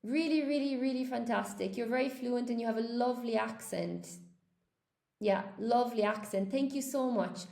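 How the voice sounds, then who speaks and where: A woman with a higher, creaky, darkish voice talks at normal speed in an echoey room. She's teaching English on a live stream, upbeat and encouraging as she chats with viewers, cheers them on, and reads the chat aloud.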